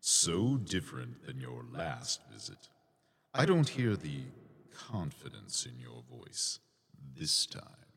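A deep, gravelly fae king, smug and amused, who mocks everyone around him. His voice is husky and swings widely in pitch. It rings out in a long, hall-like echo. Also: very animated, slow, fairly bright tone, full character voice. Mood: mocking. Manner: mocking, relishes others' anger, laughs often. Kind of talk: audio drama acting.

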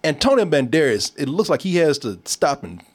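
A man's voice: a little high, normal speed. A man chatting casually and profanely about a movie, telling jokes and laughing as he talks. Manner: animated, profane, laughing storyteller. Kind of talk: casual movie review chat.

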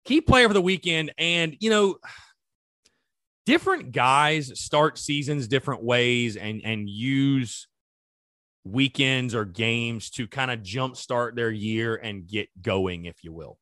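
A man's voice: mid-range voice, animated, slow pace, pushed and bright, no room sound. A man hosting a sports podcast, talking casually and animatedly straight to his listeners. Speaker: podcast host. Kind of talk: solo sports podcast talk.

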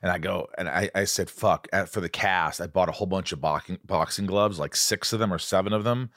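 A middle-aged man hosting a casual chat, excitable and swearing freely. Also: deep voice, a little fast, no echo, studio quality. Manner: excitable and heavily profane. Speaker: podcast host.

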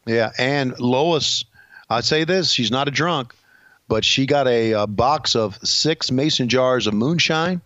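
A man's voice: medium pitch, takes it slowly, sharp tone, dry recording. A man co-hosting a podcast in casual chat, telling stories in a laid-back, dry-humored way, on a dull lo-fi recording. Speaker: podcast co-host. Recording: dull lo-fi sound.

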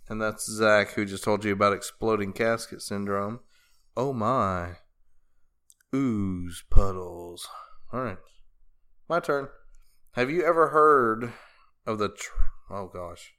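A man's voice: fairly low pitch, measured pace, sharp tone, clean tone. A man co-hosting a podcast in casual chat, rambling through a story with crude jokes and laughter. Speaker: podcast co-host.

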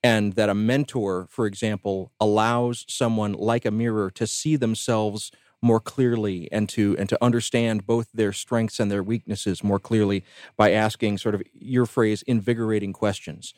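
A man hosting a radio show, reading scripted introductions and a sponsor message in a measured, clear announcer manner. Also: lowish voice, steady tone, darkish tone, no room sound, studio quality. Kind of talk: scripted host links and sponsor read. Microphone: studio microphone.

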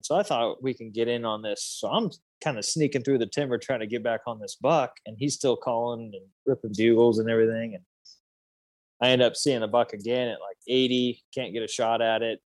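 A man's voice: mid-range voice, steady tone, brisk, dry recording. A man in his thirties casually telling a hunting story, rambling with many fillers and restarts. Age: 30s.

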